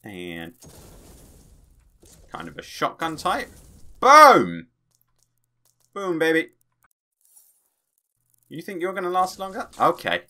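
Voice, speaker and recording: A man giving excitable, playful let's play commentary as a gaming channel host, tossing in his own sound effects. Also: on the high side, slow pace, long pauses.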